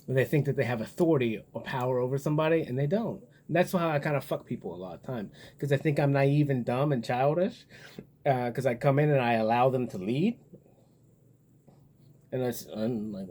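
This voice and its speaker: Husky-voiced man in a blunt ramble. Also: medium pitch, brisk, a little mellow. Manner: profane, blunt and musing. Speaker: vlogger. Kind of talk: casual rambling monologue.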